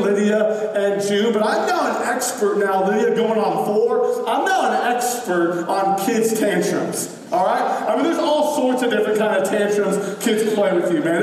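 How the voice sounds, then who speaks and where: A man in his thirties preaching a lively sermon as pastor, acting out voices with big swings in tone. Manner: animated, acts out voices with big pitch swings. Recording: echoey hall, distant mic.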